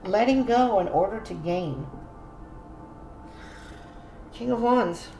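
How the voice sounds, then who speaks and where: A woman's voice: mid-range voice, expressive, slow pace, dark tone, soft background music. A woman giving a casual tarot reading, musing aloud and speaking straight to the viewer. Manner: chatty, musing aloud, addresses viewer directly. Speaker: tarot reader. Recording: roomy echo, faint ambient noise.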